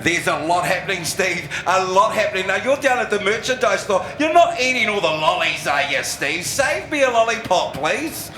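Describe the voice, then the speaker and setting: A man's voice: high-pitched, sing-song, normal speed, few pauses, bright, forceful tone, echoey room, slight background noise, low-quality recording. A man commentating live at a speedway, hyping up the crowd. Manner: upbeat, hypes the crowd. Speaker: speedway announcer.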